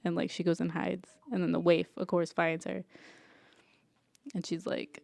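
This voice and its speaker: A woman's voice: on the low side, little pitch movement, moderate pace, gravelly, a little mellow, dry recording, studio quality. A young woman co-hosting a podcast, recapping a TV show in casual chat, full of "like" and acted-out character lines. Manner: chatty, lots of "like", acts out characters' lines. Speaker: podcast co-host.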